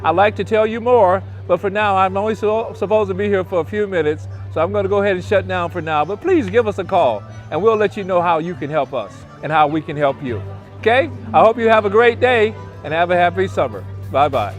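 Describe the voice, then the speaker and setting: A man's voice: sits high, lively intonation, soft background music. A man from an advocacy group making a friendly, earnest appeal for support at an outdoor festival booth. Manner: friendly, earnest, rushed sign-off. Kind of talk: public appeal to camera.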